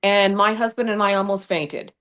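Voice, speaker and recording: A woman's voice: mid-range voice, normal speed, fairly bright tone. A woman running for Congress, a guest on a livestream, telling her story in a fiery, combative way. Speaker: congressional candidate. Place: home studio over streaming video call. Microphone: remote streaming mic.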